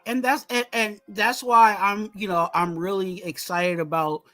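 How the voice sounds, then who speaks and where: A man in casual sports talk, excited and repeating "you know what I'm saying" as he breaks down his team's offense. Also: high voice, measured pace, no room sound, faint music behind. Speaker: podcast co-host.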